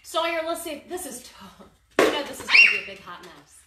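A woman's voice: high-pitched, big pitch swings, fairly quick. A middle-aged woman, a mother, talking casually as she leads her children through a home demonstration, bossy and playful. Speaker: mother running a home video show. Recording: echoey room, far from the mic, background noise.

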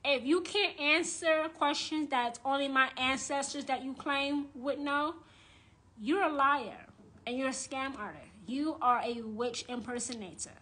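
A woman's voice: sits high, measured pace, sharp tone. A woman who works as a witch and tarot reader, ranting on a livestream in a blunt, profane, indignant way and repeating phrases for emphasis. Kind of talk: live-streamed rant.

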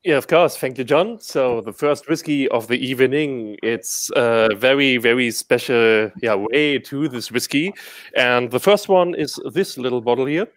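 A man's voice: mid-range voice, a little slow, dry recording. A German man speaking English with a German accent, enthusiastically presenting a whisky at a tasting from a whisky shop. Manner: laughs often, enthusiastic. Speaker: whisky ambassador.

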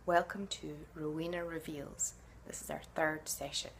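A woman's voice: sits low, steady tone, normal speed, gravelly, slight background noise. A middle-aged woman, an actress answering fan questions in a casual, chatty way, musing and often hesitating.

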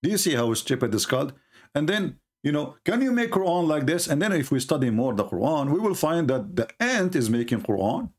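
This man, hosting a livestream, speaks briskly in a slightly high voice with big pitch swings. His talk mocks religious debate scornfully, in non-native English grammar.

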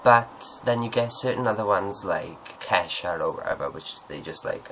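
A man's voice: sits low, expressive, normal speed, few pauses, a bit bright, a little hiss or hum, rough recording. A man answering viewer questions at home in a rambling, joking, self-deprecating way. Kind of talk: casual Q&A monologue.

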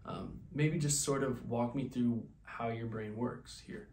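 A man's voice: medium pitch, steady tone, measured pace, a little mellow, echoey room. A man hosting a comedy podcast who rambles and stammers, with lots of ums. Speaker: podcast host.

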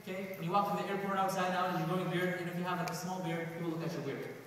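A man giving a religious lecture to a live audience, talking quickly and conversationally, asking the crowd questions and reciting scripture rapidly. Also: sits high, fairly even intonation, a bit bright. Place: large echoey hall. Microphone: distant from the recording mic. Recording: distant echoey hall recording with faint hiss.

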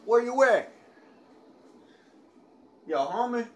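A man putting on a low, drawling voice as a laid-back young guy in a comedy skit. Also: expressive, slow pace, exaggerated voice. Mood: lazy. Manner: lazy, drawling, low put-on voice.

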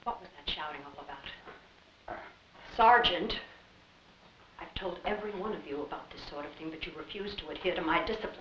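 A woman's voice: fairly low pitch, brisk, pauses often, a bit bright, recorded from a distance, lightly acted. An actress playing a stern, domineering woman doctor who runs an asylum, speaking in cold, commanding scolding tones. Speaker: head doctor of a sanitarium. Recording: echoey, dull old film soundtrack with hiss.

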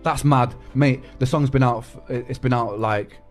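A man's voice: medium pitch, moderate pace, soft background music. Tearful young man chatting on stream. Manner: emotional, swears, repeats words, says mate and bro. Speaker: musician streaming live to fans. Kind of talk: casual live-stream chat.

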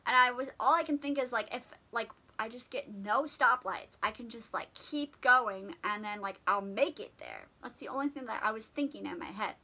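Bright-voiced young woman telling a story. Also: fairly high pitch, normal speed, few pauses, poor audio. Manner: chatty, filler-heavy, animated retelling. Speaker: vlogger. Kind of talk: casual storytime.

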